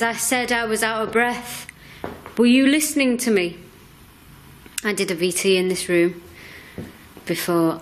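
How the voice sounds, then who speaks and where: Woman ghost hunter, slow coaxing questions to spirits, background hiss. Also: fairly high pitch, a bit bright. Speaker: paranormal investigator. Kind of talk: ghost-hunting calls to spirits. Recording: noisy location recording.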